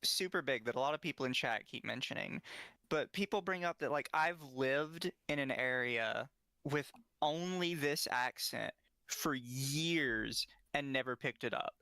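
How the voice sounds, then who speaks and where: Blunt cohost, kinda disbelieving, sharp dry voice. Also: mid-range voice, a little slow, no echo. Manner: blunt, incredulous. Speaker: podcast co-host. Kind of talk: live reaction commentary.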